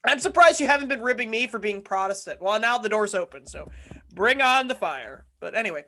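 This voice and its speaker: A young man co-hosting a podcast in casual chat, joking, laughing often and quick to slip into silly voices. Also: sits high, lively intonation, bright, forceful tone. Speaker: podcast co-host.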